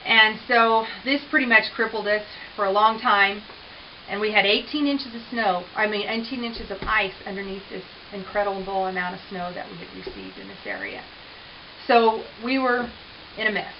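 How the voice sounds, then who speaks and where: A woman rancher in an interview, telling her story in an earnest, halting way with many restarts. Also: medium pitch, expressive. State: tearful at times. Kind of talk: personal testimony interview. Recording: dull hissy recording.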